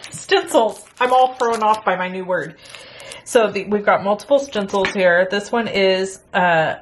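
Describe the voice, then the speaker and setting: A middle-aged woman casually chatting through a crafting unboxing, excitable and gasping at pretty pieces. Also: medium pitch, slight background noise. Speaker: crafting channel host.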